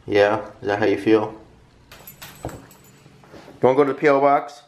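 A man's voice: on the low side, normal speed. A man vlogging casually while getting over an illness, talking playfully to his dog in a coaxing way. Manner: lively, playful coaxing talk to a pet.

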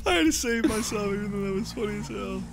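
A young man streaming a roleplay game with friends, shouting, laughing and swearing at other players over a headset mic. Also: high voice, quick pace, vocal fry, over loud music. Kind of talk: excited gaming chat with friends. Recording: game sounds loud behind voice.

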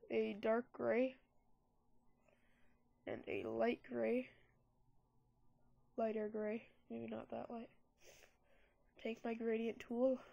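Congested, gravelly young woman. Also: a little high, dark tone, highs cut off. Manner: chatty, rambling, lots of fillers. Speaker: product reviewer. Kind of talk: casual product review and drawing demo. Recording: music playing behind the voice.

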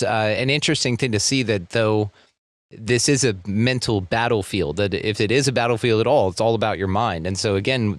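A man's voice: fairly low pitch, no room sound. A man hosting a podcast in casual chat, musing at length, with frequent swearing. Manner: reflective, profane, rambling. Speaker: podcast host.

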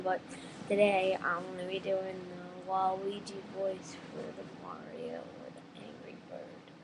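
Rambling, halting casual home vlogger. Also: female voice, medium pitch, noisy background. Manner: rambling, halting, full of ums. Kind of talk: casual home video, doing character impressions.

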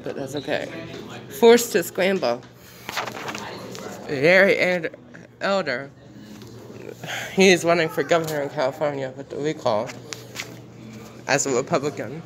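A man's voice: a little high, moderate pace, pauses often, a crowd in the background. A man giving casual commentary while reading news headlines aloud, exclaiming often and repeating himself in outrage. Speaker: commentary vlogger.

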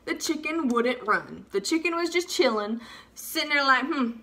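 A young woman vlogger telling a funny storytime, animated and freely swearing. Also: high-pitched, moderate pace. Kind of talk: storytime vlog.

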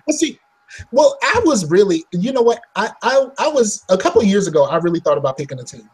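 A man's voice: sits high, big pitch swings, a little fast, darkish tone, husky. A man co-hosting a podcast in casual chat, talking bluntly with joking trash talk and rambling, restarting his sentences. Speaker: podcast co-host.

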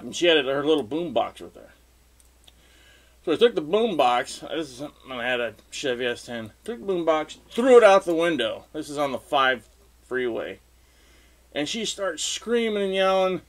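A guitarist telling an unscripted story in a loose, rambling way, laughing often and acting out what people said. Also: male voice, fairly high pitch, expressive, normal speed, pauses often.

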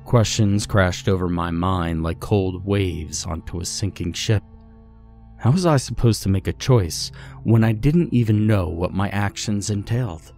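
Deep-voiced man narrating a horror story. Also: measured pace, vocal fry, a little mellow, faint music behind.

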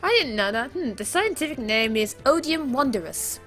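A woman's voice: a little high, animated, moderate pace, fairly bright tone, faint music behind. A woman streamer chatting casually on a live stream, giggly and exclaiming, muttering to herself between remarks. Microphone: streaming mic.

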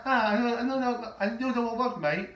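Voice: mid-range voice, unhurried, a bit bright, natural voice. A performer voicing a pushy character who keeps calling everyone "mate" and stammers through restarts. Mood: teasing. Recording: echoey room, distant mic, faint noise.

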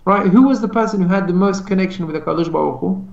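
A man teaching an informal Torah class over a video call, fast and animated, acting out little dialogues as he explains. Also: high-pitched, vocal fry. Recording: echoey, distant, dull video call audio.

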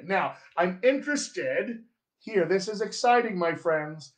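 A man with a General American accent, a dialect coach giving a chatty live accent lesson and repeating sample words slowly. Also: sits high, lively intonation, reverberant.

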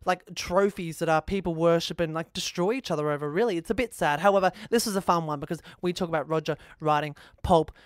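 A man's voice: on the high side, quick pace, hardly any pauses, no room sound, studio quality. A man hosting a podcast, introducing the episode in a playful, jokey way with rambling asides. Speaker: podcast host.

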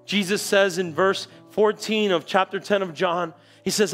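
A male pastor preaching a sermon in a church, telling a story with dramatic swings between quiet and loud. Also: high voice, steady tone, measured pace, few pauses, soft background music. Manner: storytelling, dramatic shifts in loudness.

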